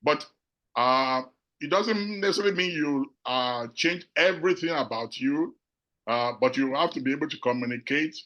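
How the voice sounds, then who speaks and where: A middle-aged man from Nigeria with a Nigerian accent, giving a measured, reflective talk to an audience as a panel speaker, pausing often on fillers. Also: a little high, fairly bright tone, lo-fi sound. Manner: measured, with frequent filler pauses.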